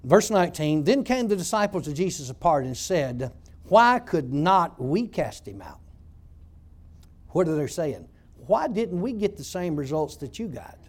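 A male pastor preaching a sermon, telling stories and building up to loud shouts. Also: on the high side, very animated, a little slow.

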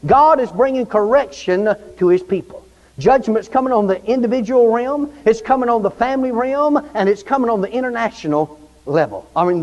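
A man's voice: very high-pitched, darkish tone. A man preaching a sermon in a church, fervent and repetitive, often calling out for amens. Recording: dull lo-fi recording with long church reverb.

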